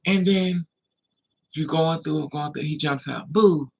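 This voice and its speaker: Gravelly-voiced man telling a story. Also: fairly high pitch, unhurried, poor audio. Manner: animated, acts out quoted voices. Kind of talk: casual storytelling monologue.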